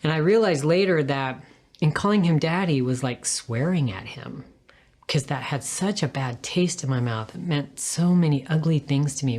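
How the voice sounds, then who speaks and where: A woman sharing a personal faith testimony in an earnest, reflective way, with pauses and restarts. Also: low voice, a little mellow.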